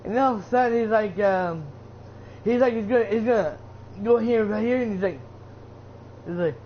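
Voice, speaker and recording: A man's voice: high-pitched, moderate pace. A man who streams, giving a casual, rambling recap of a wrestling show. He uses lots of fillers and restarts his sentences. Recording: dull lo-fi with faint hiss.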